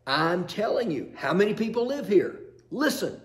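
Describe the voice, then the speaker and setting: A man's voice: high-pitched, sing-song, normal speed, reverberant, voice pushed up. A man voicing a talkative housewife who keeps patiently listing everyone living in her home, in a chapel. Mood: insistent. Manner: chatty, listing, slightly exasperated. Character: talkative middle-aged Southern housewife, patient and insistent.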